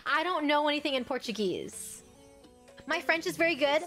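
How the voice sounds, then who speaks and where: A woman's voice: high-pitched, expressive, moderate pace, over music. A woman streaming a game, chatting casually and playfully with teammates, often giggling. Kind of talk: casual chat while gaming.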